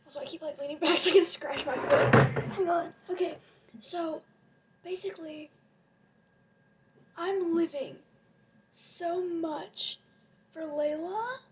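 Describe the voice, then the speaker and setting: A young woman rambling excitedly in a casual vlog rant, gushing and laughing often, recorded on a propped-up phone. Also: very high voice, takes it slowly, long pauses, noisy background. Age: young adult. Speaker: vlogger. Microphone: phone propped on a lotion bottle.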